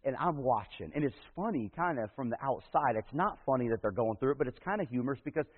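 A man, a pastor, preaching a sermon. He tells a story from his church and builds to loud, emphatic peaks. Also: medium pitch, animated, fast, big-room sound. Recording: tinny phone-like sound.

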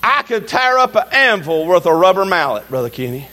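A man's voice: high voice, sing-song, brisk, pushed and bright. A man preaching a sermon to a church congregation, folksy and emphatic, calling out to his listeners again and again. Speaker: pastor. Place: church service.

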